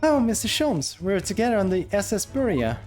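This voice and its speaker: A man's voice: high voice, big pitch swings, fairly quick, darkish tone, soft background music, voice pushed up. A man doing an eager young lawyer.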